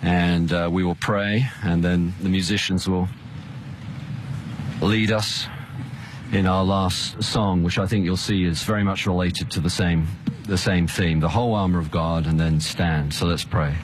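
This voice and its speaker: A man's voice: low voice, fairly even intonation, unhurried, background noise. A male pastor delivering a sermon in an earnest, emphatic cadence.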